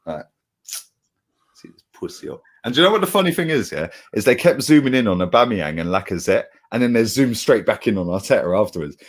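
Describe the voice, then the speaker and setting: Animated man ranting about football. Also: fairly low pitch, brisk. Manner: animated, heated, swears, slangy. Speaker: football fan channel co-host. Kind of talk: casual football chat.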